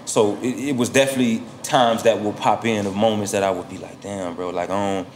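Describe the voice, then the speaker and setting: A man from South Florida, a guest rapper in his thirties, talking through his career in a relaxed, reflective way in a casual interview. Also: on the low side, brisk, a little hiss or hum. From South Florida, USA. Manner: laid-back, reflective, with frequent "you know what I'm saying".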